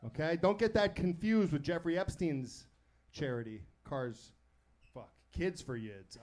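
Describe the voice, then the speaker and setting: A man's voice: fairly high pitch, slow, a little mellow. A man hosting a stand-up show, telling profane, edgy jokes between acts and bringing up the next comic. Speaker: comedy show host. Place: comedy club stage.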